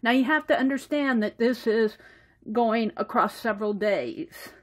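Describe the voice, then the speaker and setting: A woman vlogger walking through her sketchbook in casual show-and-tell narration, chatty and quick to laugh. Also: on the high side. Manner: chatty, laughs often, acts out little dialogues. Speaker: art journaling vlogger.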